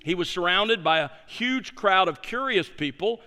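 A man's voice: high-pitched, animated, moderate pace, sharp tone, long reverb tail. A man pastor preaching a sermon, stressing key words with emphatic delivery.

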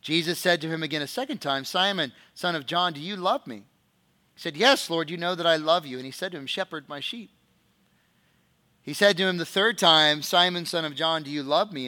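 A man's voice: a little high, sharp tone. A man as pastor preaching a sermon, reading scripture aloud and putting questions to the congregation.

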